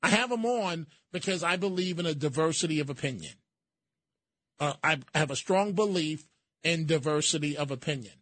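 A man's voice: a little high, animated, moderate pace, a bit bright, no echo. A man hosting a call-in radio show, talking steadily and turning hesitant and sympathetic with callers. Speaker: radio talk show host. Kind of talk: talk radio. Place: radio studio. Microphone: studio mic.

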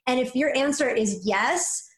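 A woman with a high, light voice talks in a relaxed conversation. She muses in a flowing way, tagging thoughts with "like" and "right?". The room around her rings with echo. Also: measured pace. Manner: flowing, reflective, many "like" and "right?" fillers. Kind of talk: casual conversation.

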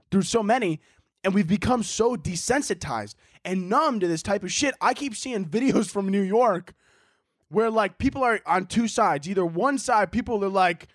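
A young man hosting a casual solo podcast from home, ranting in a profane, animated way and mocking people with quick impressions. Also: high voice, dry recording, studio quality. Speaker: podcast host. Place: indoors at home.

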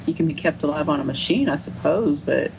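A woman's voice: sits low, lively intonation, a little fast, creaky, slight background noise, rough recording. A woman in casual chat, answering with dry, teasing remarks. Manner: dry, teasing, short replies.

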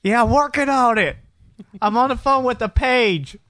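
A man putting on a whiny, excuse-making young office worker in a high, pleading voice. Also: moderate pace, fairly bright tone, no echo, studio quality.

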